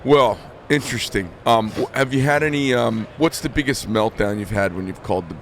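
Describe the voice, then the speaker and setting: A man's voice: mid-range voice, brisk, fairly bright tone, slight background noise. A middle-aged man hosting a casual interview, an easygoing listener who mostly answers with short agreeing words. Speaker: host, knife maker. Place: outdoors at a trade show.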